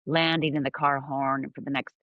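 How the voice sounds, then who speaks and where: A woman's voice: rumbling low, flat delivery, fairly quick, highs cut off. A middle-aged woman from Upper Michigan telling her life story as a guest, acting out voices and moments vividly.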